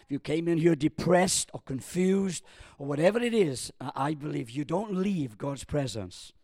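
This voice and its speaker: Older male preacher, high pitch, storyteller who gets loud and excited at punchlines; dry sound. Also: moderate pace, no echo. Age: 60s. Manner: storytelling, jokey, stumbles and restarts. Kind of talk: sermon with a personal story.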